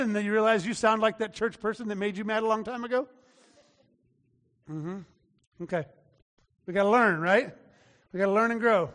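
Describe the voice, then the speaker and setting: A man preaching a sermon in a casual, talky way, acting out quotes and breaking into shouts. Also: high voice, a little fast, pauses often, long reverb tail. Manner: conversational preaching with acted-out quotes and sudden shouts. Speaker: pastor.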